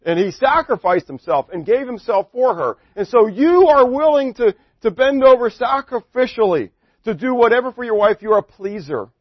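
A man's voice: very high-pitched, animated, normal speed, husky, dry recording, muffled recording. A middle-aged man preaching as a pastor, in a joking, conversational way, full of rhetorical questions to his congregation. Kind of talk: sermon.

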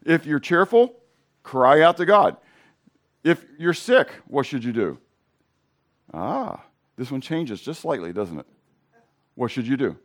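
A middle-aged male pastor with a hoarse voice, preaching in a casual, conversational way and questioning his congregation. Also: mid-range voice, big pitch swings, a little slow, pauses often. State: hoarse from sinus drainage. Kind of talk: sermon.

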